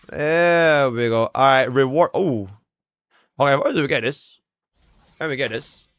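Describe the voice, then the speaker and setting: A young man with a Singaporean English accent and a mid-range voice streams a game, giving casual, slangy, profane live commentary and talking to his chat. The audio has no echo.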